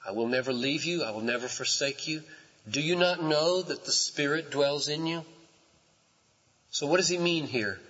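A man preaching a sermon as a pastor, building from quiet passages to loud, impassioned outbursts. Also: fairly high pitch, a little slow, pauses often, husky, long reverb tail, highs cut off.

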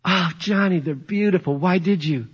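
A preacher putting on a gushing delighted wife. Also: male voice, sits high, moderate pace, slightly rough, pitched above the performer's own voice. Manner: gushing, surprised. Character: delighted middle-aged wife at the door. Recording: dull lo-fi sermon recording.

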